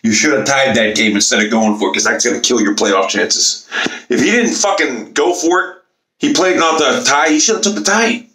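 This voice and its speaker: A man's voice: medium pitch, normal speed, bright, forceful tone. A man and YouTuber ranting about football to his camera, profane, boastful and repetitive. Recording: echoey room.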